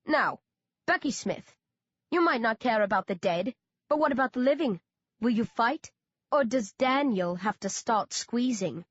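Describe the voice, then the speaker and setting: A woman's voice: fairly high pitch, lively intonation, a little slow, dry recording, highs cut off. A woman voicing a cold, bored and cruel rich man who sneers in a languid way, in an audiobook.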